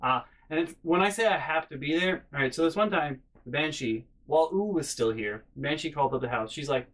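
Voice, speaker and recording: A young man telling family stories in a casual vlog, animated and profane, with frequent exasperation. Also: fairly high pitch, a little fast, hardly any pauses, rough recording. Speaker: vlogger.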